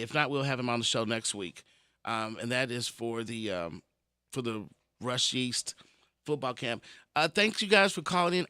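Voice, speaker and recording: Male local radio host, rambling, friendly call-in chatter, bright tone. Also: medium pitch, dry recording, studio quality. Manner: rambling, chatty, self-deprecating. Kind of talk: casual call-in radio chat.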